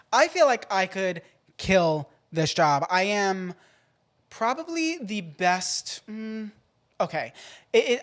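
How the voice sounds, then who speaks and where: A man hosting a podcast in a casual, playful way, swinging between loud outbursts and quiet asides. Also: fairly high pitch. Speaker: podcast host.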